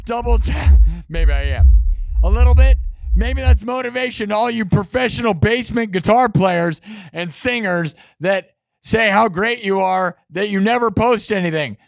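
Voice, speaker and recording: Brash, gravelly livestream host. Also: male voice, high-pitched, lively intonation, normal speed, dry recording. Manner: brash, teasing, ranting. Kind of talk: casual livestream chat.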